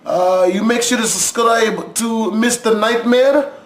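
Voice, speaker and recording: Guy doing a deadpan russian fill-in host, fake russian accent, kinda high voice bouncing around an echoey room. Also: slow pace. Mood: mock-serious. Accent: put-on Russian.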